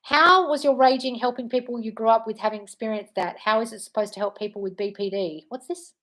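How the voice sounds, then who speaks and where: A woman manifestation coach answering viewer comments on a livestream, blunt and profane, breaking into loud scolding rants of tough love. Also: on the high side, brisk.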